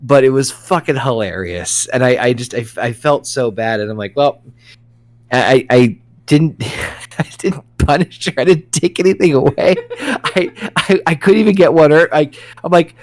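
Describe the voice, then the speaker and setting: A man's voice: mid-range voice, animated, moderate pace. A man telling family stories in casual chat, swearing often and restarting his sentences. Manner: profane, rambling, self-interrupting.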